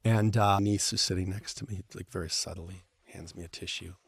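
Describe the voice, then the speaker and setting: A man's voice: sits low, a little fast, creaky, slightly rough. A middle-aged man, a divorce lawyer and author, telling candid, profane stories in a casual interview. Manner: animated storyteller, candid and profane.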